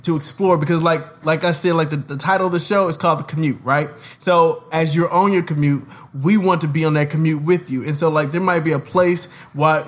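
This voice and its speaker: A man's voice: on the high side, steady tone, a little fast, hardly any pauses. A man co-hosting a podcast, rambling through casual chat with lots of fillers and restarts and a joking streak. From New York. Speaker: podcast co-host.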